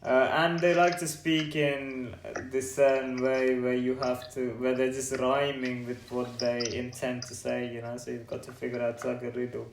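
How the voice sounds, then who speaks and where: A man's voice: mid-range voice, level tone, moderate pace, vocal fry, few pauses, reverberant, slight background noise. A man co-hosting a podcast in casual chat, opinionated and wry, with joking complaints. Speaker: podcast co-host.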